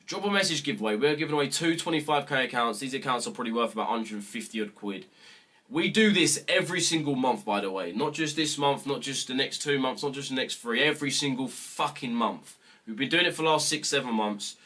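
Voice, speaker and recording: A young British man hosts a live trading stream and talks straight to his viewers. He rants in a blunt, profane, mock-serious way, and his voice stays bright and forceful throughout. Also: mid-range voice, expressive, fast. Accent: British English. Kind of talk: casual livestream chat with viewers.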